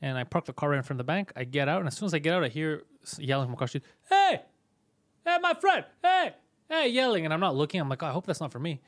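A man hosting a comedy podcast, telling stories in a fast, profane, animated way. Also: on the high side, no echo, clean studio sound. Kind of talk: casual storytelling chat.

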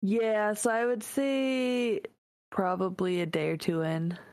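A woman's voice: medium pitch, steady tone, slow pace, darkish tone, no echo. A woman playing in a tabletop game, earnest and talking casually. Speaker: player.

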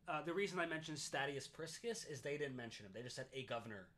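A Canadian man talks through history on a casual podcast, circling back and correcting himself as he goes. His voice is bright and forward, and his pitch sits in a middle range. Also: lively intonation, fast talker. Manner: explains at length with frequent fillers and self-corrections. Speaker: podcast host.

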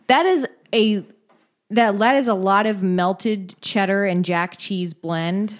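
A woman co-hosting a podcast in casual chat, emphatic and excitable, swearing for emphasis. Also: mid-range voice, takes it slowly. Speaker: podcast co-host.

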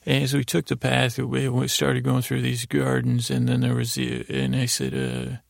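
A man improvising a rambling bedtime story as a sleep podcast host, halting with many restarts and fillers. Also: medium pitch, creaky, dry recording, studio quality.

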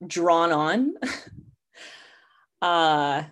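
A young woman hosts her own podcast and rambles through a casual story. She has a slightly low voice and fills her sentences with "like." Her delivery is loose, candid and conversational. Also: animated, drawn-out words. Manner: rambling, chatty, heavy use of "like" fillers. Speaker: podcast host.

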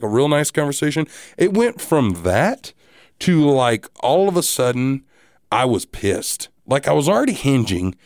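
A man hosting a podcast, telling a story in a casual, animated, profane and wry way. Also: medium pitch, no echo, studio quality. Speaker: podcast host.

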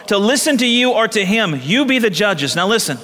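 Man, pastor, sermon, high voice, emphatic storytelling, long hall reverb. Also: sing-song, fairly quick, sharp tone. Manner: storytelling, emphatic, repeats lines for stress.

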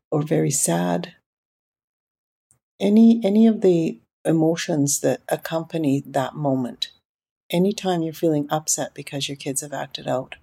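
A middle-aged woman parenting coach giving reflective podcast talk, telling stories gently and unhurriedly, with restarts. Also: sits low, vocal fry, husky.

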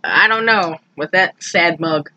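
A woman chatting casually about a movie, animated and quick to act out characters' lines in high, loud voices. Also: rough recording. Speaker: podcast co-host recapping a movie. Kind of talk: casual chat.

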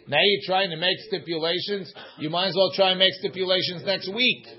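A man's voice: high voice, brisk, few pauses, highs cut off. A man teaching a Talmud class, reading the Aramaic in a sing-song study chant and explaining it in English.

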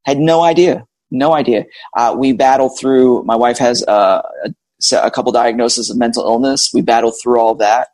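Forties guy telling his life story, candid and animated, dry close mic. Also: medium pitch, moderate pace, dry recording. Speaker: guest. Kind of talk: personal storytelling.

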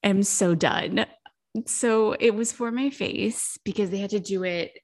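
A woman's voice: medium pitch, measured pace. A young woman co-hosting a podcast, telling stories in casual chat with lots of "like" and frequent swearing. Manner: animated storytelling, heavy use of "like", swears freely. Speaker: podcast co-host.

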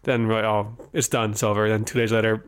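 A man's voice: on the low side, level tone, fast, smooth. A man from Wisconsin co-hosting a casual sports podcast, passing on news with dry teasing. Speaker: podcast co-host.

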